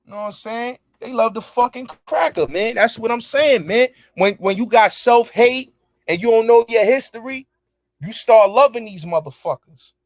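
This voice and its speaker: A man's voice: extremely high pitch, normal speed, no room sound. A man hosting his show, angrily ranting back at viewers in heavy profanity, repeating his points with emphasis. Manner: angry, profane, repetitive, emphatic. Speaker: show host. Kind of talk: heated commentary rant answering viewers.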